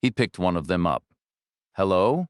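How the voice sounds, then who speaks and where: A man narrating a thriller audiobook in a measured, even storytelling manner. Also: on the low side, clean tone, no echo, studio quality.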